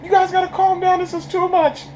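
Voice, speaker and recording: A man doing a panicky high-pitched pleader. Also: monotone, fairly quick, darkish tone, a little hiss or hum, low-quality recording. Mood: pleading. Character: panicky polite man begging a fight to stop.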